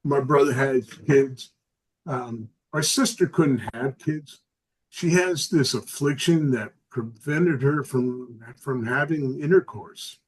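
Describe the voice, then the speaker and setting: An older man doing a stand-up comedy set, a self-described lovable curmudgeon delivering dry, deadpan jokes about family. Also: mid-range voice, slow, slight background noise, rough recording. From Southern California.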